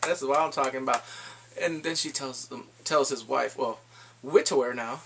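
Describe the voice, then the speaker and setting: A man giving an excited, casual recap of a TV episode, exclaiming and acting out his own reactions. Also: fairly high pitch, brisk, creaky, a little hiss or hum. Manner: animated, exclaims and acts out reactions. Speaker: TV episode reviewer.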